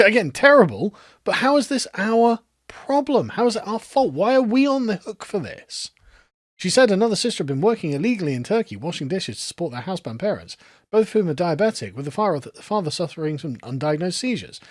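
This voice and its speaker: A man's voice: high voice, big pitch swings, fast, dry recording, studio quality. A man ranting in a sarcastic, exasperated commentary and laughing mid-rant. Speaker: political commentator.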